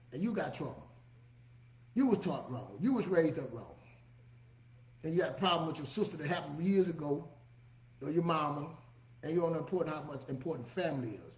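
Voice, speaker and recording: Man, middle-aged, fast talker, echoey room, dull lo-fi sound. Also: fairly high pitch, a little mellow. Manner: folksy, repeats "you know what I'm saying". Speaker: podcast host. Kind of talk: casual monologue.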